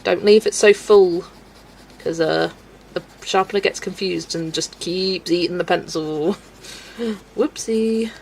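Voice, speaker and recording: Giggly chatty woman with vocal fry. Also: on the low side, unhurried, a little mellow, slight background noise, rough recording. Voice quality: gravelly creak in the voice. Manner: giggly, rambling, chatting with viewers while colouring. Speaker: colouring livestream host. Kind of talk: casual live-stream chat.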